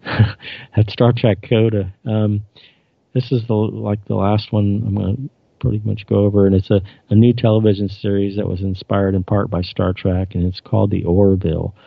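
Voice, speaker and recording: A man's voice: lowish voice, flat delivery, moderate pace, vocal fry, husky, dry recording. A man casually recapping TV episodes, hesitant and reading dialogue aloud. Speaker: presenter recounting TV episodes. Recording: dull lo-fi dry recording.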